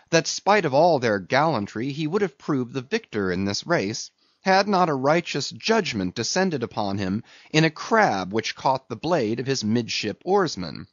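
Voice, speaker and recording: Male audiobook narrator, expressive dramatic reading, dull lo-fi sound. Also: medium pitch, moderate pace, dry recording. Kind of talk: scripted narration. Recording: dull lo-fi recording.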